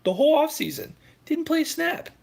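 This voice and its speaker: A man's voice: extremely high pitch, sing-song, fairly quick, gravelly. A man hosting a heated, profane sports rant, arguing with commenters.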